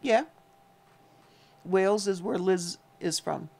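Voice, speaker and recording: A woman's voice: medium pitch, slow pace, creaky, a little mellow. A woman co-hosting a casual livestream, teasing and chatty as she reads out viewer names and comments. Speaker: co-host of a homestead livestream. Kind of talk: casual live chat reading viewer comments.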